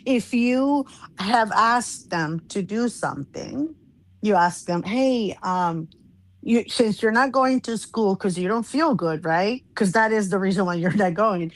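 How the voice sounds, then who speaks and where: A woman co-hosting a casual chat show, telling a story in an animated way and laughing often. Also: medium pitch, measured pace. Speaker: co-host.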